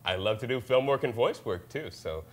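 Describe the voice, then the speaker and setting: A man in his twenties with a very deep voice, chatting casually as an interview guest and laughing often. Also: animated, moderate pace, very noisy. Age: 20s. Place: bakery shop.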